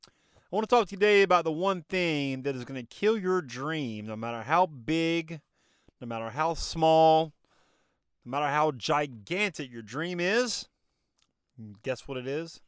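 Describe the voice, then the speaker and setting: Man, podcast host, preachy motivational monologue, slightly high voice, dry close phone sound in a car, throat a bit choked. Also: lively intonation, a little slow, clear, resonant tone, dry recording. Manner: preachy, emphatic, asks himself rhetorical questions. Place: in his car.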